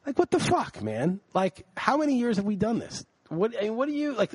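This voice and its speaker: A man's voice: high-pitched, brisk, few pauses, breathy edge, no room sound. A man co-hosting a podcast, ranting in casual chat with lots of swearing, tired late at night. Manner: ranting, profane, animated. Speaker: podcast co-host.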